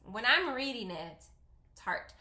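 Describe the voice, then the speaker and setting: A woman's voice: fairly high pitch, very animated, slow pace, bright, forceful tone. A woman in her thirties, a native Spanish speaker with a Spanish accent, chatting and rambling casually through a makeup tutorial into her camera at home. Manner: chatty, rambling, self-deprecating. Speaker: vlogger. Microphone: camera mic. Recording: roomy echo.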